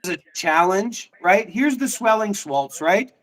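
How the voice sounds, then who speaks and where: A man's voice: sits high, lively intonation, unhurried. A man in casual livestream banter, mocking and taunting with a lot of swearing.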